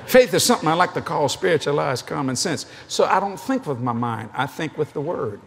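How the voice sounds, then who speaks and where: A middle-aged man preaching a sermon at a convention, an animated, joking storyteller. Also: a little high, fairly quick, vocal fry, a little hiss or hum.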